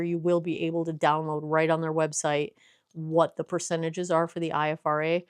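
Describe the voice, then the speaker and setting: A woman's voice: fairly low pitch, clear, resonant tone, dry recording, studio quality. Chatty woman explaining while she works. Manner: chatty, explains while working, self-correcting. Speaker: small business owner making skincare. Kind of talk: casual vlog with instructions.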